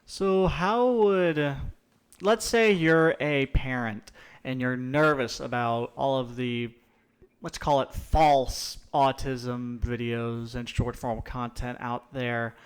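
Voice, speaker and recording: Smooth-voiced man hosting a podcast. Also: medium pitch. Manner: halting, restarts questions, asks the questions. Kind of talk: casual podcast chat.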